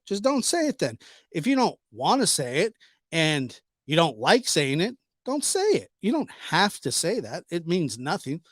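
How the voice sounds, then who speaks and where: Brief: male vlog host, sarcastic and exasperated, slow unhurried delivery. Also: on the high side, big pitch swings, a bit bright, no room sound, studio quality. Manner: sarcastic, exasperated, mock apologetic. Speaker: channel host, commentator.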